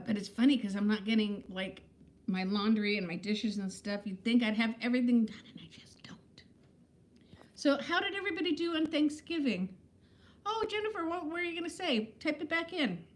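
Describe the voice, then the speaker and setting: A woman in her fifties, chatting candidly and self-deprecatingly to viewers on a casual livestream from her home, greeting them by name. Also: a little high. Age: 50s. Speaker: livestream host. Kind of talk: casual live-stream chat.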